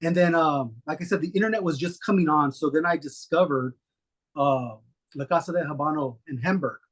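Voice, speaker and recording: Husky-voiced man telling stories. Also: a little high, brisk. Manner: relaxed, rambling, many fillers. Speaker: guest. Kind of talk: casual storytelling interview.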